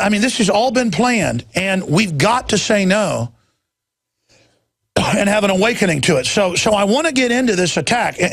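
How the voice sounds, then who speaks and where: Middle-aged man, talk radio host, indignant and emphatic, high voice, dry studio sound. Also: gravelly, fairly bright tone, husky, no room sound. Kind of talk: heated broadcast monologue.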